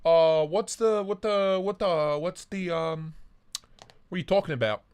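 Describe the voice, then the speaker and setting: A man's voice: high voice, measured pace, a little mellow, clear, resonant tone. A man hosting a live stream, joking crudely and greeting chatters by name while short of breath from a big meal. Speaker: livestream host. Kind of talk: casual live chat reading viewer comments. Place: home office.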